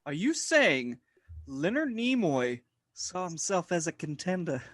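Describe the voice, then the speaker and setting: A man's voice: a little high, sing-song, a little slow, fairly bright tone, no room sound. A man co-hosting a podcast, cracking puns and wisecracks in casual chat. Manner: wisecracking, punny. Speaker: podcast co-host.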